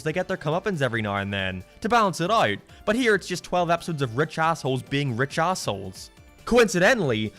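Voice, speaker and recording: A man's voice: fairly high pitch, fairly bright tone. A man delivering a sarcastic, profane rant as a cartoon reviewer. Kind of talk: ranting review commentary.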